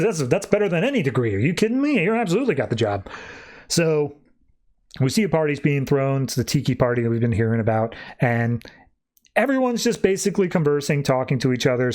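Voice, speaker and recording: A man hosting a podcast, recapping a comic book in a casual, animated way and briefly voicing the characters as he goes. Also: medium pitch. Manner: animated retelling with quick voiced asides. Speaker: podcast host.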